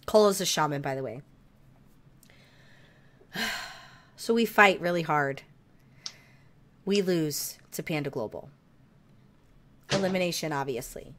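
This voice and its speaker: A woman co-hosting a podcast, telling a story in casual chat, animated, swearing freely, with laughs and frequent throat clearing. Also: on the low side. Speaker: podcast co-host.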